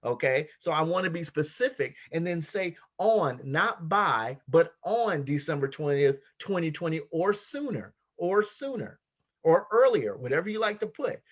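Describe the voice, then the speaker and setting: A man's voice: fairly high pitch, a little slow. A man leading a motivational business training, talking casually and acting out bits of everyday dialogue. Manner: animated, acts out little dialogues in other voices. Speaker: team leader giving business training.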